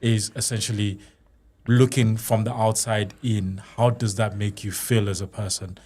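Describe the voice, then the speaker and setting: A man co-hosting a podcast, speaking in a measured, thoughtful way in casual chat. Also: lowish voice, steady tone, darkish tone, husky. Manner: measured, thoughtful, short agreeing replies. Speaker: podcast co-host.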